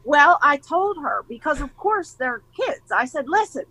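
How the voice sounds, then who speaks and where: A woman in her forties with a high, bright voice, chatting in an interview. She is an animated storyteller who acts out other people's lines and laughs easily. Her voice is recorded close and dry, with no room sound. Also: a little slow, dry recording, rough recording. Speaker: guest, mother of young skateboarders. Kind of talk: casual interview chat.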